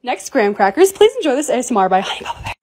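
Bubbly fast-talking young woman vlogger. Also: fairly high pitch. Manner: bubbly, gushing, quick and excitable. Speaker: TikTok creator. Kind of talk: casual vlog voice-over.

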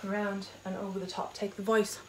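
A woman choir leader, teaching an online vocal warm-up from home and demonstrating high sung notes. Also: level tone, fairly quick, slight background noise. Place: home during lockdown.

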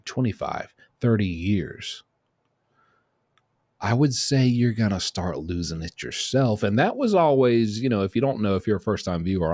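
Brief: streetwise male commentator, low pitch, blunt, dry booth sound. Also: slightly rough, dry recording. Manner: blunt, streetwise, animated, many fillers and restarts. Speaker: commentator on prison news. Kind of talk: casual commentary to camera.

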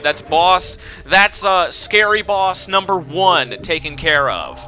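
A young man commentating his own video game run, swinging between frustrated shouting and swearing and calm explanations of tactics. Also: a little high. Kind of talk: let's play commentary.

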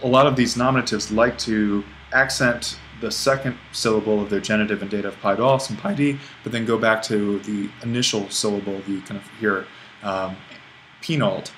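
A man's voice: on the low side, fairly even intonation, normal speed, a bit bright, a little hiss or hum, poor audio. A man teaching a recorded online language lesson, explaining at an easy pace with restarts and small self-corrections. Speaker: Greek language instructor.

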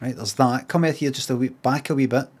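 A man's voice: mid-range voice, brisk, husky. Scottish guy rambling on a stream, sweary, middle-aged, jumps into silly voices. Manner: rambling, swears freely, mocks signs in lively put-on voices. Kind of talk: casual livestream chat.

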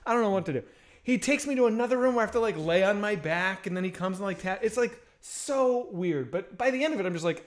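A man's voice: high-pitched, lively intonation, fast. A man co-hosting a casual chat, telling a profane anecdote full of fillers. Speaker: podcast co-host.

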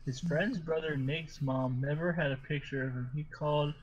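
A man's voice: a little high, steady tone, normal speed, dull audio, slight background noise. A man hosting a podcast, reading silly stories aloud to friends and often breaking into laughter as he stumbles through them. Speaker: podcast host.

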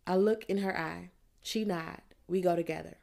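Lower-voiced woman reading an audiobook. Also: fairly even intonation, creaky, dark tone. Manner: plain, measured storytelling in the voice of a teenage girl. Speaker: audiobook narrator. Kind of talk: first-person audiobook narration.

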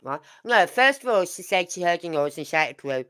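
A woman's voice: on the low side, sing-song, normal speed, a bit bright. An older woman, hosting a true crime channel and giving casual, emphatic commentary full of rhetorical questions.

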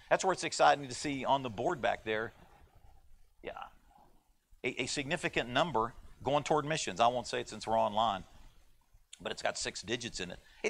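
Male teacher, American, gravelly, folksy conversational Bible class delivery. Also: medium pitch, fairly bright tone. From United States. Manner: folksy and joking, with playful voices for quoted people. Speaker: Sunday school teacher. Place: church classroom.

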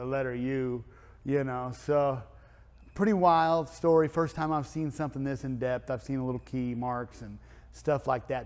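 Man, car wrap shop owner, casual vlog storytelling, rambling with lots of fillers, long room echo. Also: medium pitch. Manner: rambling, filler-heavy chatty delivery.

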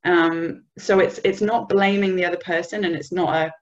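A woman's voice: lowish voice, fairly even intonation, moderate pace, lo-fi sound. A woman from the UK giving a conversational business communication webinar, sometimes acting out example phrases. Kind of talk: webinar presentation.

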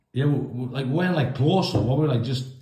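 A man's voice: medium pitch, dark tone, reverberant. A man in casual chat, hesitant and prompting his friend to tell stories. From England. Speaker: co-host.

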